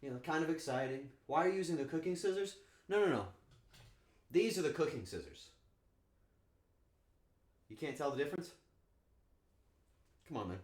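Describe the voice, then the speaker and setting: A man's voice: a little high, moderate pace, pauses often. A man casually chatting with his viewers on a cooking stream, playful and joking. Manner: playful, joking with chat, animated outbursts. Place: home kitchen. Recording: echoey room, faint ambience.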